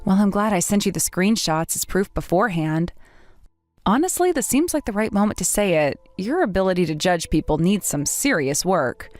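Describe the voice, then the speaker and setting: A woman's voice: medium pitch, expressive, normal speed, a little mellow, soft background music. A young woman narrating and acting the lead in a dramatized story, speaking in a firm, indignant way.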